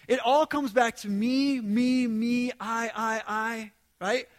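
A man giving a sermon as pastor, in an emphatic, conversational preaching manner with quieter asides. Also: very high-pitched, steady tone, slow, hardly any pauses.

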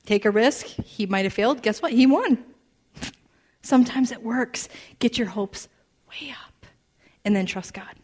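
A woman in her thirties preaching with an animated, storytelling delivery, laughing often and acting out quoted voices. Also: medium pitch. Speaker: speaker. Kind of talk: storytelling sermon.

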